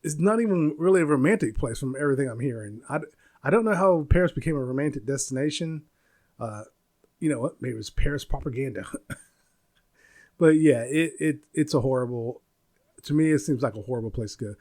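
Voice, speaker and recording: A man's voice: medium pitch, expressive, fairly quick, darkish tone. A man in his forties from the United States, hosting a casual solo podcast, rambling, laughing often and searching for words. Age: 40s. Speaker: podcast host.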